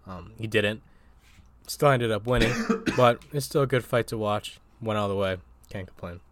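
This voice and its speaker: Low voiced guy chatting about sports, laughing a lot, dry sound. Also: normal speed, no echo. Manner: animated, laughing often, reads quotes aloud. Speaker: co-host. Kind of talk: casual sports chat.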